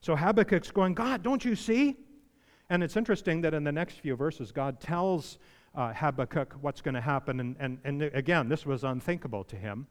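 A man's voice: mid-range voice, a little fast, smooth. A man preaching a sermon, conversational and then emphatic, asking his listeners questions. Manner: conversational, rising to emphatic pleading when voicing others. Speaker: pastor. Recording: long hall reverb.

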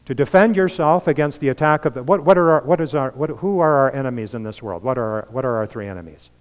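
A man preaching a sermon as pastor, earnest, building to emphatic peaks and dropping to soft, quiet lines. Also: mid-range voice, fast talker. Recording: long reverb of a large hall.

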